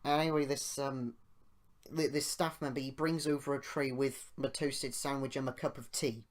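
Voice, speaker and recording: A man's voice: medium pitch, flat delivery, normal speed. Rambling British man telling stories. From United Kingdom. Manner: rambling, goes off on tangents; grows loud and indignant while retelling. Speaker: podcast host. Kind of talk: casual storytelling podcast.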